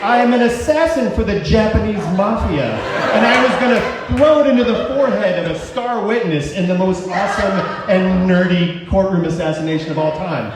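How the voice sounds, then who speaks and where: Live on the stage of a cultural center, a man in his thirties tells a personal story, rambling and stammering with lots of fillers. His voice is high and fairly quick, captured by a distant mic in an echoey, noisy hall.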